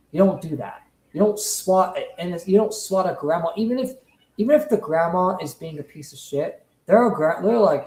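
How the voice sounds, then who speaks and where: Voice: mid-range voice, a little mellow, echoey room, poor audio. A streamer who rants in a profane, emphatic way, often repeating points. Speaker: commentary streamer. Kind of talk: heated casual rant.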